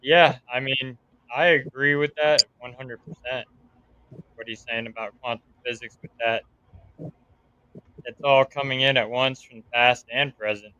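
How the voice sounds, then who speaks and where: Bright-voiced, agreeable male guest. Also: mid-range voice, steady tone, unhurried, clear, resonant tone, highs cut off. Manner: agreeable, brief answers. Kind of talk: casual chat.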